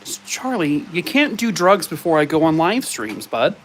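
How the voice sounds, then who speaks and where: A man's voice: on the high side, big pitch swings, normal speed, few pauses, slight background noise. A man live streaming from home, chatting casually and playfully scolding and baby-talking his dogs. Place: home in Arizona.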